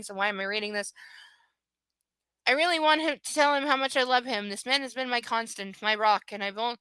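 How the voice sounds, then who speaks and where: A woman's voice: on the high side, bright, forceful tone, smooth, no echo. A woman streaming a live book reading, breaking off into sarcastic, profane commentary. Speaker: livestream reader.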